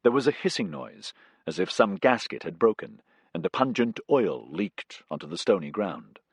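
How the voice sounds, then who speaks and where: A man reading a science fiction audiobook as narrator, in a measured storytelling manner. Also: on the low side, expressive, gravelly, husky, dry recording. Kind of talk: scripted narration.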